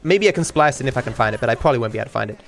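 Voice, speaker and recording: A man's voice: medium pitch, expressive, racing, gravelly, faint music behind. A man hosting a podcast, telling a story in a loose, rambling way, with many restarts and casual swearing. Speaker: podcast host and streamer.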